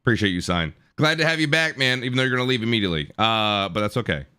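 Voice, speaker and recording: A man's voice: lowish voice, lively intonation, fast talker, bright, forceful tone, clean tone. A man in his thirties hosting a live stream, chatting casually, joking and thanking viewers from chat. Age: 30s. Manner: chatty, jokey, reads out chat and thanks subscribers. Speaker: livestream host.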